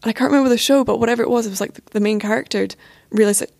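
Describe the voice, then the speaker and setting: Racing through a personal story as a podcast guest, a young woman speaks candidly and hesitantly, peppering her words with "like" and "you know." Her slightly high voice is creaky and darkish, recorded with clean studio sound and no room echo.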